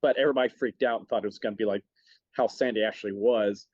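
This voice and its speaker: A man chatting as a podcast guest, telling stories animatedly with lots of quick restarts. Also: fairly low pitch, steady tone, darkish tone, no room sound. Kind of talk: casual chat, storytelling. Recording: dull dry sound.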